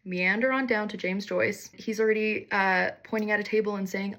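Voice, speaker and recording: A woman's voice: mid-range voice, steady tone, normal speed, hardly any pauses, a bit bright. A young woman telling a candid, wry personal story in a casual monologue, swearing freely and poking fun at herself.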